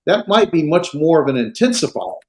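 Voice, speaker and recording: A man's voice: a little high, sing-song, a little fast, echoey room, rough recording. A man teaching a Greek grammar class, explaining with frequent fillers and restarts. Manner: hesitant, many fillers and restarts. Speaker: Greek instructor. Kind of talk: classroom lecture with questions.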